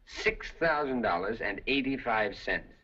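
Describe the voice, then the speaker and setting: An actor playing a penniless gentleman gambler in a 1930s film, polite but flustered and protesting. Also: mid-range voice, expressive, measured pace. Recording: dull 1930s film soundtrack.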